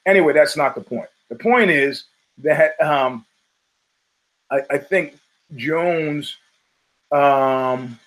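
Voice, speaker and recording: A man's voice: fairly high pitch, takes it slowly, pauses often, low-quality recording. A middle-aged man hosting a podcast, rambling through profane stories with many restarts. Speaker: podcast host. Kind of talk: casual monologue.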